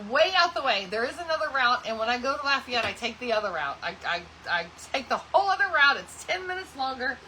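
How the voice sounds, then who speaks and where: A woman chats through a crafting livestream and talks to her viewers by name. Her voice sits a little high and rings bright and forceful, and a faint hum of room noise runs underneath. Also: rough recording. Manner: chatty and rambling, addresses viewers by name. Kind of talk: casual chat while crafting, reading viewer comments.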